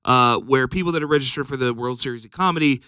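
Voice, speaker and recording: Bright-voiced male comedy booker. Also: mid-range voice, quick pace, clean tone, dry recording, studio quality. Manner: rambling announcements with many ums. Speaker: comedy show booker and podcast co-host. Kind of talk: casual podcast chat.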